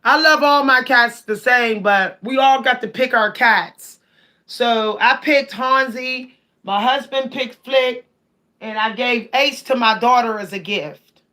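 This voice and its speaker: A woman chats casually to her viewers, animated and laughing as she talks. Her voice sits high and sounds bright and forceful. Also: takes it slowly. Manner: animated, laughs often, addresses viewers directly. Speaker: cat owner vlogger.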